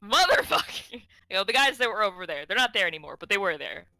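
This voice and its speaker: A woman speaks brashly in character during a tabletop game, laughing and swearing freely. Her voice is bright and lively, and it swings widely in pitch. The recording sounds dry and close. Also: rapid-fire, creaky, dry recording. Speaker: player.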